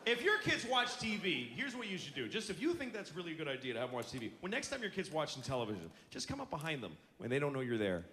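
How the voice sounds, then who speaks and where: A man's voice: on the high side, sing-song, fast, hardly any pauses, pushed and bright. A man doing a stand-up comedy routine on stage, ranting in an exasperated, profane way.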